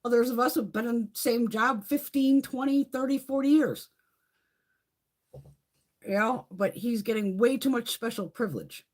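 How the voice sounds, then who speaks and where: A middle-aged woman hosting a live chat, ranting in a heated, profane, animated way. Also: fairly high pitch, moderate pace. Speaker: live stream host. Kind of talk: casual live chat rant.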